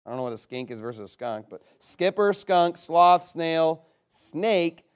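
A man leading a guessing game with a live group, reading out a long list in a chatty, upbeat way with quick asides. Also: a little high, lively intonation, clean tone.

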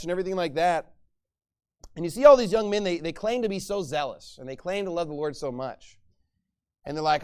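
A man pastor preaching a sermon, swinging between loud emphatic exhortation and low, quiet passages. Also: moderate pace, clean tone.

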